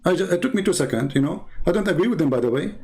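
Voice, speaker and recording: A man's voice: high-pitched, lively intonation, racing, a loud crowd. A man hosting a live online call-in debate who talks in a pressing, challenging way and cuts in over the caller. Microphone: computer call setup.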